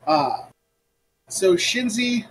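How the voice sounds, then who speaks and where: A man narrating as game master of a tabletop game, pausing often with ums and uhs. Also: sits high, sing-song, a bit bright, slight background noise, rough recording. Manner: halting, with many ums and uhs.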